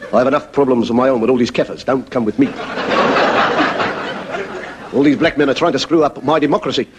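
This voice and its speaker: A man's voice: mid-range voice, steady tone, a little fast, very noisy, lightly acted. A man voicing a brusque politician who dismisses others curtly. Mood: dismissive. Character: curt, dismissive male politician.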